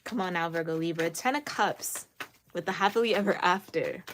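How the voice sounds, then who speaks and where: A woman's voice: fairly low pitch, a little fast, background noise. Earnest woman giving a tarot reading. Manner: earnest, emphatic, repeats phrases for reassurance; playful scolding with frequent laughs. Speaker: tarot reader. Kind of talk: spoken tarot reading to viewers.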